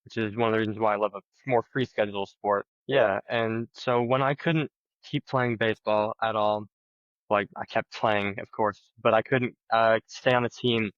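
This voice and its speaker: A teenage boy from Minnesota answers podcast questions in a relaxed, rambling way, filling his sentences with "like" and "um". His audio comes through a bit dull and muffled, with a dry sound and no room around it. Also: lowish voice, moderate pace, dry recording. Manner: relaxed, filler-heavy, says "like" a lot. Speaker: guest. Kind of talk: casual interview answers.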